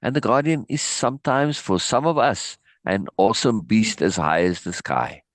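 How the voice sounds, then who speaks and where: A man reading as a calm, amused old sorcerer. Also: lowish voice, moderate pace, dry recording, clean studio sound, close to an everyday voice.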